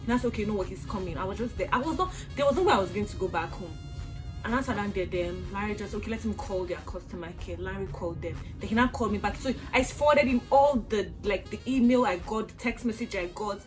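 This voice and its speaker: Speaking fast at a medium pitch over music, a young vlogger from Nigeria tells a storytime tale in her Nigerian accent. She is animated and exasperated, performing outbursts as she goes.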